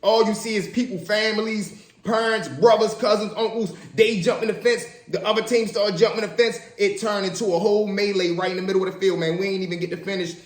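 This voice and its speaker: A man telling stories from his own life in a casual, animated way, acting out the voices of the people in them. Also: high voice, fairly quick, roomy sound. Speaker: storyteller. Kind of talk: casual spoken storytelling.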